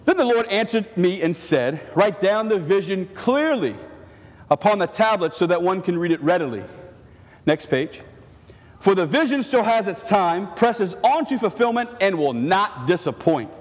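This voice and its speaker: High-voiced priest guy preaching, jokey and animated, big church echo. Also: moderate pace. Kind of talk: sermon. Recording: long church reverb.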